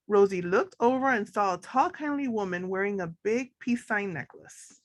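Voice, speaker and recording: A woman reading a children's picture book aloud to a group of educators, expressive and guiding them through slow breathing. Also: mid-range voice. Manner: expressive, leads breathing along.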